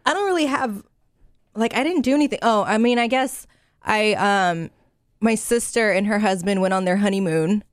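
A woman's voice: medium pitch, moderate pace, no echo, clean studio sound. A woman co-hosting a podcast, chatting casually and laughing easily. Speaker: podcast co-host. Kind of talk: casual chat.

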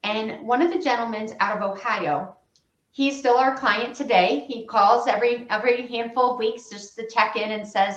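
A woman working as a patient advocate, telling a story in an interview with lively, re-enacted dialogue. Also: a little high, moderate pace, echoey room, highs cut off.

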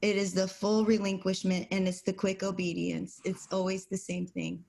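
A woman's voice: mid-range voice, flat delivery, moderate pace, gravelly, darkish tone, rough recording. A woman teaching at a Bible study over a video call, emphatic and repeating her key phrases.

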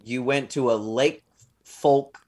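A man co-hosting a comedy podcast, chiming in with quick, teasing remarks. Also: medium pitch, fairly even intonation, darkish tone. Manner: quick playful interjections and teasing. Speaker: podcast co-host. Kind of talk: casual comedic chat.

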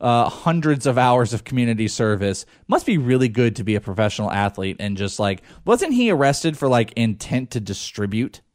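A man's voice: medium pitch, very animated, moderate pace, few pauses, darkish tone, dry recording, studio quality. A man hosting a casual sports talk show who teases and jokes in banter. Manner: joking, teasing banter.

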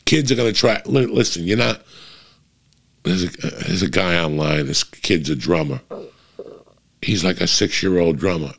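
A middle-aged man telling a long, casual, profane story about his kid. He gets louder and higher when he is worked up. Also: moderate pace, pauses often.

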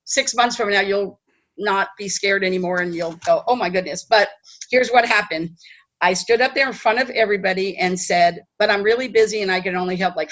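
A woman telling a personal story in a chatty, animated way, often checking in with her listeners. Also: mid-range voice, poor audio. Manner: chatty, animated, tag questions. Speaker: host. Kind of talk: storytelling talk.

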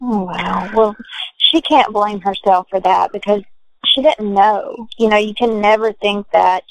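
A woman's voice: medium pitch, fairly even intonation, a little slow, creaky, no room sound, rough recording. A woman interviewing a guest, with sympathetic and encouraging reactions. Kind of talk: conversational interview.

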